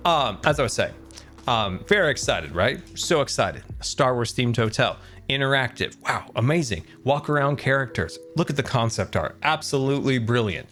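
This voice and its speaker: A man in his thirties chatting casually with viewers on a live game stream, laughing often and talking in an animated way. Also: medium pitch, normal speed, soft background music.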